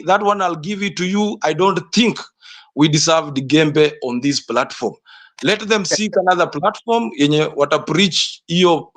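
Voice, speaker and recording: A man with a Kenyan accent moderates a heated online debate and keeps order firmly. He slips Swahili phrases into his English. His voice sits a little high for a man. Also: a bit bright. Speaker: moderator of an online audio discussion.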